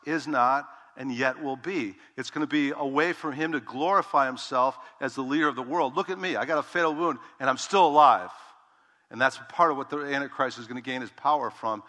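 A man's voice: mid-range voice, sharp tone. A man preaching as a pastor, reading scripture and explaining it in a casual, conversational style that checks in with the congregation. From Dutch heritage. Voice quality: bald preacher self-described. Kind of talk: expository sermon. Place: large church sanctuary with long reverb. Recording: reverberant church hall.

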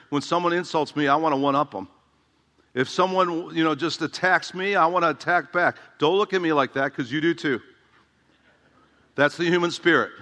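A man's voice: fairly high pitch, pushed and bright. A man preaching a sermon as a pastor, conversational and humorous, with emphatic repetition. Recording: long hall reverb.

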